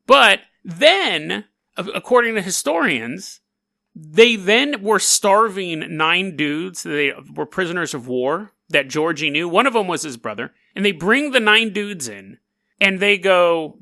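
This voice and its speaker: A male podcast host tells a history story in a casual, sarcastic way and keeps breaking off for jokes. His voice is bright and sharp, and his pitch swings widely. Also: normal speed, creaky, dry recording, studio quality. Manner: sarcastic, animated, joking asides.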